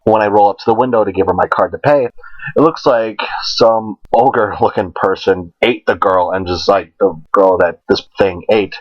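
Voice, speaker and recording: A man's voice: fairly low pitch, no room sound, highs cut off. A young man co-hosting a casual podcast, rambling through crude, joking stories. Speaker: podcast co-host. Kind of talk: casual chat.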